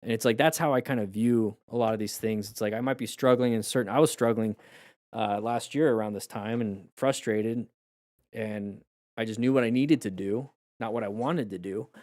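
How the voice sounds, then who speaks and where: A man who coaches motorcycle riding, his voice going hoarse, talks in a reflective, rambling way with viewers on a live stream, often restarting his sentences. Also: fairly low pitch, normal speed, a little mellow, no room sound, clean studio sound.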